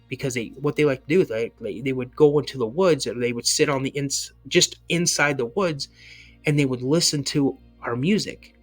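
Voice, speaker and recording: A man's voice: mid-range voice, normal speed, faint music behind. Earnest rambling man telling his story. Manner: earnest, rambling, repeats himself for emphasis. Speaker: guest recounting an encounter. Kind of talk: casual first-person storytelling.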